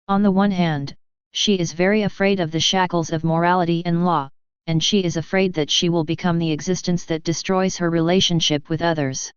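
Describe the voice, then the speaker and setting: Smooth-voiced woman narrating an audiobook. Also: on the low side, no echo. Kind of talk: scripted narration. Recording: slightly dull, dry studio sound.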